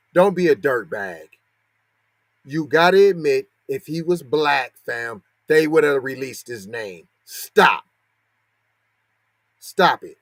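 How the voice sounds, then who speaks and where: A man's voice: medium pitch, no echo. Sarcastic man hosting a podcast. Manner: sarcastic, mocking, asks a string of rhetorical questions. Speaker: podcast host. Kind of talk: heated commentary on a news story.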